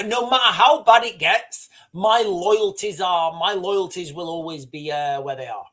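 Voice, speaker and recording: A man's voice: high voice, a little slow, hardly any pauses, pushed and bright. A British man hosting a casual livestream, talking emphatically and repetitively while addressing his viewers directly. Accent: British English. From Britain. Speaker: livestream host.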